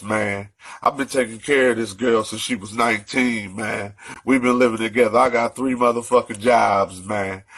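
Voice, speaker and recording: A man's voice: medium pitch, pushed and bright, slightly rough. A man playing a furious, cheated-on working man who rants profanely and is out of breath. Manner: profane, rambling rant. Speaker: comedian in a skit clip.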